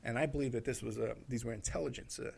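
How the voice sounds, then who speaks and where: A man's voice: medium pitch, steady tone, fast, creaky, a little mellow, breathy edge. A man telling a rambling road trip story in a casual way, laughing at his own anecdotes and acting out what people said.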